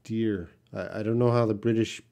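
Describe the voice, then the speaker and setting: Reading out viewer questions on a live stream, a Canadian English teacher answers in a plain, direct, sometimes blunt way. His voice is lowish and dark-toned, with fairly even intonation at a moderate pace.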